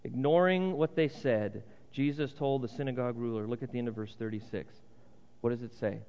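A man's voice: mid-range voice, fairly quick. Earnest man preaching in an echoing church. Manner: earnest, dramatic, drops to a hush for emphasis. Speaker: pastor. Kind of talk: sermon. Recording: reverberant hall, dull lo-fi sound.

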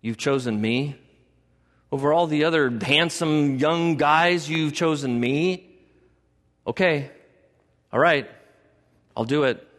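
A man's voice: on the high side, takes it slowly, long pauses, a bit bright. A man voicing an older man who is astonished and humble, speaking with hesitant disbelief in a long hall reverb. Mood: amazed. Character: elderly man, humble, surprised.

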